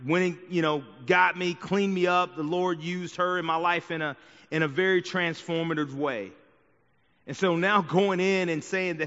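Pastor, male, bright forceful voice, casual preaching style, church hall echo, slightly dull recording. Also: fairly high pitch, fairly even intonation, moderate pace. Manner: conversational preaching with frequent "right?" and "okay?" asides. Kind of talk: sermon. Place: church sanctuary. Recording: dull sound with long hall reverb.

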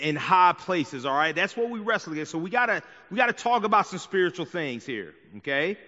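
Man, fairly high voice, preaching, conversational asides, long church reverb, muffled sound. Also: sharp tone. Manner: conversational preaching with frequent "right?" and "okay?" asides. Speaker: pastor. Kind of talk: sermon. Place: church sanctuary.

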